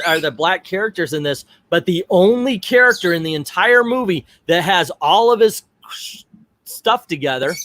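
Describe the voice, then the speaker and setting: A man's voice: a little high, a bit bright. A middle-aged man hosting a casual livestream, chatty and digressive, turning aside to talk to his family. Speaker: livestream host.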